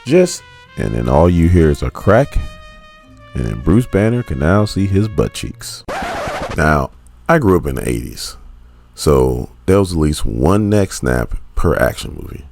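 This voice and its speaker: A man's voice: rumbling low, very animated, a little slow, gravelly, a little mellow, soft background music. A man in his forties casually retelling a comic story, with laid-back joking asides. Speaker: comic book recap host.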